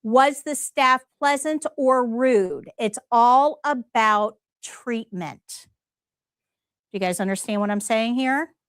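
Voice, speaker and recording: A woman's voice: a little high, no echo, studio quality. A woman instructor leading a live nursing-assistant test prep class, emphatic and direct, often asking the students questions. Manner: emphatic, talks straight to students with rhetorical questions.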